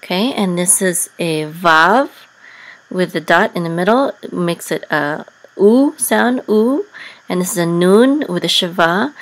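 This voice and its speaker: Woman teacher, unhurried and patient, low-pitched, breaks into chant. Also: expressive, low-quality recording. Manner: patient, step-by-step, many ums, breaks into sung trope. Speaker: Hebrew and Torah chanting teacher. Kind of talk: slow explanatory lesson with chanted examples.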